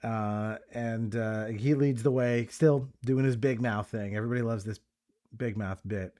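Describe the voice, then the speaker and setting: A man guesting on a podcast who retells scenes in a loose, easygoing way and leans on fillers. His voice sits at a middle pitch. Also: a little slow. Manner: relaxed recapping, many fillers. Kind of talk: casual movie discussion.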